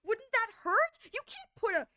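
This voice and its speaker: A woman's voice: very high voice, very animated, moderate pace, bright, forceful tone, pitched above the performer's own voice, heavily acted. A woman putting on her confused mother's voice, a mother bewildered by internet trends and questioning everything. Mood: baffled. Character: puzzled old-fashioned mother, baffled by internet culture.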